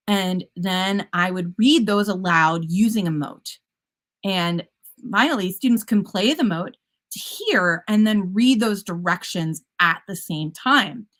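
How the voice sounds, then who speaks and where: A woman's voice: mid-range voice, a bit bright. A woman teacher giving an upbeat, chatty conference presentation about classroom practice, with playful puns.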